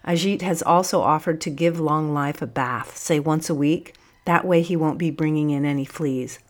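A kindly, earnest male police sergeant who lays out his plans briskly and eagerly, voiced by a woman reading an audiobook. The tone is low and warm-hearted, close to the reader's natural voice. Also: close to an everyday voice. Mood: cheerful. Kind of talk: audiobook character voice.

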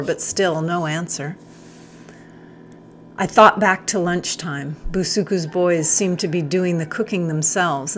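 A woman reads a first-person story gently, at times almost whispering. Her voice sits a little low. A faint hiss lies under the recording. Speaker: audiobook narrator.

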